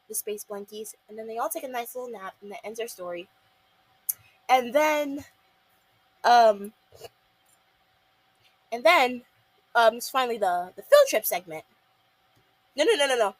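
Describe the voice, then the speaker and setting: A woman's voice: a little high, fairly bright tone, dry recording. A young woman casually reviewing a cartoon episode, rambling with lots of fillers and acting out the characters' lines. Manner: rambling, many fillers, acts out quotes. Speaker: show reviewer.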